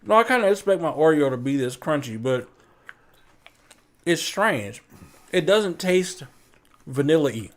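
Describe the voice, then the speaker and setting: A man's voice: a little high, unhurried, long pauses. A man with a slightly raised voice chats on a live stream. He tells stories with animation and slips into put-on voices. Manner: animated storyteller, puts on voices. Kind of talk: casual chat.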